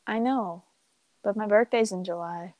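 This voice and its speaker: A woman's voice: mid-range voice, measured pace, darkish tone, no room sound, highs cut off. A young woman in her teens telling a story in casual chat, rambling with lots of fillers and laughs. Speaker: podcast co-host.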